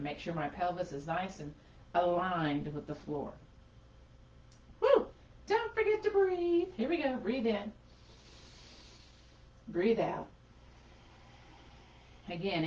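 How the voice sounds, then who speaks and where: A woman instructor guiding a gentle yoga class, chatty and encouraging, a little breathless as she does the poses alongside. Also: fairly low pitch. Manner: encouraging, chatty, talks while doing poses. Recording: echoey room, far from mic, dull lo-fi.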